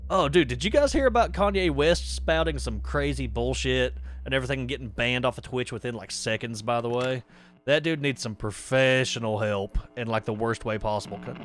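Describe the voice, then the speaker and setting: A young man streaming a horror game live, chatting and rambling between startled yelps and swearing. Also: medium pitch. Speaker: gaming streamer. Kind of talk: live horror gameplay commentary.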